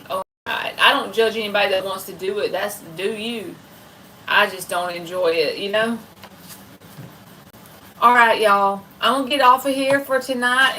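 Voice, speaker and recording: A woman's voice: medium pitch, pushed and bright. Southern woman, folksy livestream host, slightly distant mic, light background noise. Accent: Southern American. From American South. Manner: chatty, folksy, talks to viewers in chat. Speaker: livestream tarot reader host. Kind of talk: casual late-night livestream chat.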